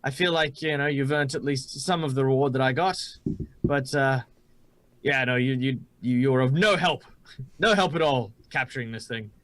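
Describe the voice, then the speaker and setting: A man's voice: mid-range voice, moderate pace, a bit bright, no room sound, natural voice. A man voicing a proud, boastful female hunter who teases the players. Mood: teasing. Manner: teasing, boastful.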